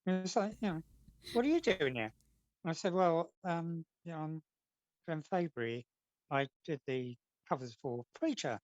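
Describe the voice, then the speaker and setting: A man's voice: a little high, normal speed, darkish tone, no echo, lo-fi sound. A man, a comic artist being interviewed, telling long rambling anecdotes in a casual chat. He slips into the voices of the people in his stories. The sound is dry, with no room around it. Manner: chatty, rambling storyteller acting out quotes.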